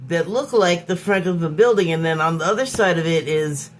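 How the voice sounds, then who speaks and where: A woman hosting her own podcast, speaking in an unscripted, reflective monologue. She talks in a halting, musing way, often pausing to search for words and restarting her phrases. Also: lowish voice. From Hollywood, United States. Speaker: podcast host.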